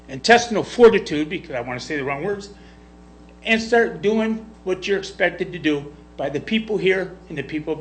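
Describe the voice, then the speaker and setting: A man's voice: sits high, a bit bright, rough recording. A man giving a confrontational, emotional public comment at a county board meeting, lecturing the officials. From Michigan.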